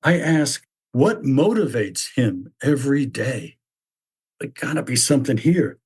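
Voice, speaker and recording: A man's voice: medium pitch, sing-song, measured pace, darkish tone, husky. A man in his seventies telling a reflective personal story as a podcast host, musing aloud with many questions to himself. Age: 70s. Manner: musing, full of rhetorical questions.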